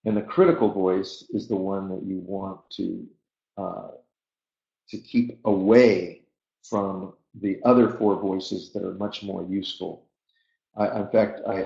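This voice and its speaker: A man giving a motivational webinar talk, speaking in an earnest, reflective way with hesitant pauses. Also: low voice, gravelly, mellow. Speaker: webinar presenter. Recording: dull, lo-fi audio in an echoey room.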